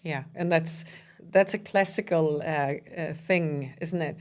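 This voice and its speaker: A woman's voice: low voice, unhurried. A woman hosting a podcast, responding thoughtfully and repeating words as she searches for the right phrasing. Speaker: podcast host. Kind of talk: reflective interview chat.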